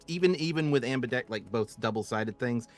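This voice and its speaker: A man's voice: medium pitch, fairly quick, faint music behind. A man narrating as game master of a tabletop game, casual and rambling with frequent fillers.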